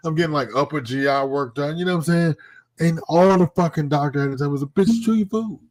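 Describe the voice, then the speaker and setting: A man in his fifties co-hosts a loose, joking talk show. He talks in a lively way, laughs often and swears freely. His voice is recorded dry and close. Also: a little high, quick pace, no echo. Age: 50s. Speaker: co-host. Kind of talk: casual comedic chat.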